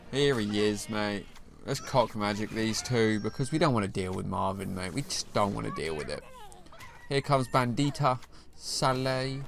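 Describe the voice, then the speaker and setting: A man's voice: medium pitch, a bit bright. A young man commentating his own mobile game match in a slangy, chummy way, calling the viewer mate and G. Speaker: gaming channel host. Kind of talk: live gameplay commentary.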